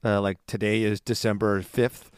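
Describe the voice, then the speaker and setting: A man's voice: fairly low pitch, level tone, normal speed, clean tone, no room sound. Chatty man co-hosting a podcast, dry sound. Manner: chatty, rambling with fillers and restarts. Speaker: podcast co-host. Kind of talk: casual chat.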